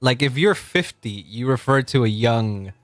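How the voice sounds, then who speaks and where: A man's voice: mid-range voice, lively intonation, a little slow, dry recording, faint music behind. A man in his late twenties, a streamer chatting casually and rambling while he plays, laughing often. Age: 20s. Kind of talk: casual live-stream chat while gaming.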